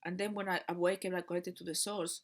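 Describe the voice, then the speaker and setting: A woman and spiritual teacher telling a personal story in a casual monologue, animated, laughing often and repeating words. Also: on the low side, fast talker.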